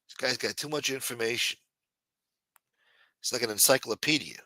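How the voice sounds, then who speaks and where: A man's voice: mid-range voice, moderate pace, sharp tone, no room sound. A man hosting a late-night livestream, chatting loosely and profanely while answering viewers in the chat. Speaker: livestream host.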